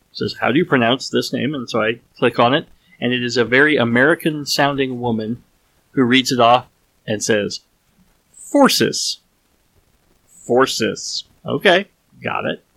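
A man with a gravelly, fry-edged voice talks through a solo podcast episode at an ordinary middle pitch. He muses out loud, circles back and restarts sentences as he goes. His tone is loose and conversational. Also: dry recording, rough recording. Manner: thinks aloud, restarts and trails off often. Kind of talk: casual rambling monologue.

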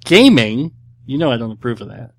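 A man's voice: medium pitch, big pitch swings, fairly quick, vocal fry. Blunt, rambling middle-aged man host. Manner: blunt, rambling, hesitant with many fillers. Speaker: podcast host answering listener questions. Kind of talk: casual chat.

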